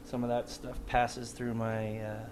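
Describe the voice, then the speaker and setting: Easygoing reflective band musician. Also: male voice, medium pitch, level tone, unhurried, background noise. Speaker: touring band musician, interview guest. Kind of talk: casual interview chat.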